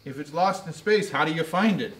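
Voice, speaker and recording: Man cracking deadpan one-liners. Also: a little high, a little fast, background noise. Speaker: co-host. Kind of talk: casual joking banter.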